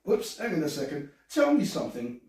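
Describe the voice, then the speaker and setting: Guy rambling on a live stream, bit high voice, echoey room, mic kinda far. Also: wildly swooping pitch, brisk, a little mellow. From England. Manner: rambling, stammering, chatty. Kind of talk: casual live chat reading comments. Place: at home, alone.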